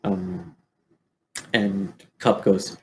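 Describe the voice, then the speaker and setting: A man's voice: mid-range voice, very animated, extremely slow, creaky, a bit bright, slight background noise. A man narrating as game master of a tabletop game, laid-back and laughing, with many fillers.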